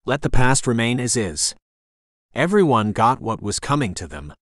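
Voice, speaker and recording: A man's voice: medium pitch, very animated, moderate pace, no echo, studio quality, lightly acted. A male audiobook narrator voicing an older woman, a cold, scheming killer who talks sharply and bossily. She scorns and orders about the man she holds at gunpoint. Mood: scornful.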